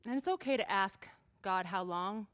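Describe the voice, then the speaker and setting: A woman preacher giving a sermon to a live congregation in a church, conversational and joking, moving from quiet asides to emphatic passages. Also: mid-range voice, normal speed. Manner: jokes and laughs with listeners.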